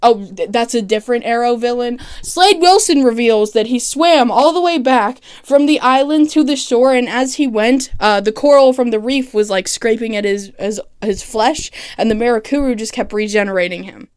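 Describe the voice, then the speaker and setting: A woman recapping a TV series in casual chat, animated and sarcastic, swearing freely and mimicking characters in quick asides. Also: fairly high pitch, smooth. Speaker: TV recap vlogger.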